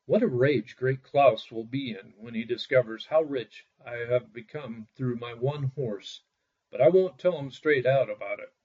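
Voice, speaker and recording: A man's voice: mid-range voice, unhurried, darkish tone, slightly rough. A man voicing a clever, sly poor male peasant in a fairy tale, talking in a coaxing way, on a dull lo-fi recording. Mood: pleased.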